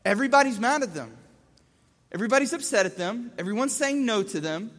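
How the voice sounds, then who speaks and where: A pastor preaches in a very high, bright, forceful voice, speaking fairly quickly as he tells stories with lively energy and acts out the scenes. His voice rings through a large hall with long reverb.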